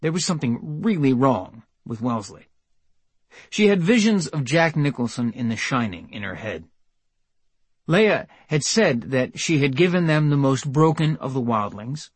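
A man reading an audiobook in measured, even scripted narration. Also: on the high side, breathy edge, no echo.

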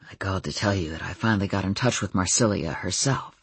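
A woman reading an audiobook, voicing a calm male werewolf leader who speaks quietly and in a measured way. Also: breathy edge, dry recording, exaggerated voice. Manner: quiet, measured, low-key.

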